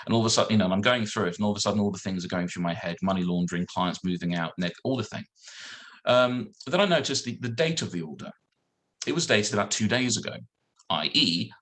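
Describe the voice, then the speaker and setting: A man, a solicitor, telling a lively anecdote on a video call and acting out the other people in it. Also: lowish voice. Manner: animated storyteller acting out dialogue. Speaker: guest solicitor.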